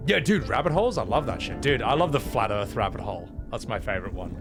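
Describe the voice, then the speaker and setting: A man's voice: lowish voice, animated, quick pace. A man streaming a game, rambling casually to chat with plenty of swearing, game music behind him.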